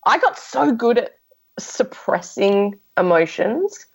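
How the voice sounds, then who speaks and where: A woman's voice: mid-range voice, big pitch swings, slow, gravelly, breathy edge, low-quality recording. A woman speaking as a podcast guest, telling her own story frankly in casual conversation, with many restarts and fillers.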